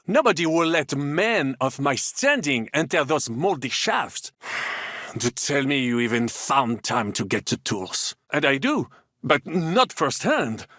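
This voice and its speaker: A haughty French knight holds forth in a bright, animated voice that swoops up and down. He has a French accent and a pompous, theatrical manner. The game recording is dry and close. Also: fairly high pitch, dry recording, full character voice. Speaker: game character. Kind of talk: game voice acting.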